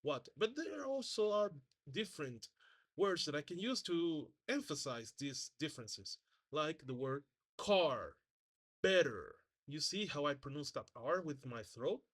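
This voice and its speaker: A man with a slightly high voice talks through a spoken exam presentation as a student. He is hesitant, often restarting and correcting himself, and he demonstrates sounds by saying example words aloud. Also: sing-song, moderate pace, a bit bright, breathy edge.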